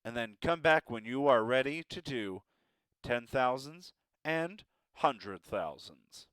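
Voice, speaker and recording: Slow, playful male math teacher. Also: medium pitch, expressive, fairly bright tone, no echo. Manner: playful, jokey asides; encouraging. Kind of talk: math lesson video.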